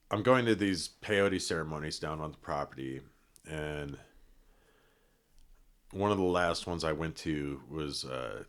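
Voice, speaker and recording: A middle-aged man from Colorado, a podcast guest telling a long story in a relaxed, rambling way with many fillers and restarts. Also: very deep voice. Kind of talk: casual storytelling.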